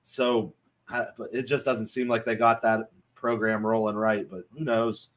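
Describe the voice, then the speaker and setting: A man's voice: on the low side, flat delivery, measured pace. A man co-hosting a casual sports podcast, chatty and joking as he breaks down college football picks. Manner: chatty, laughs often, joking. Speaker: podcast co-host. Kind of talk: casual sports betting chat.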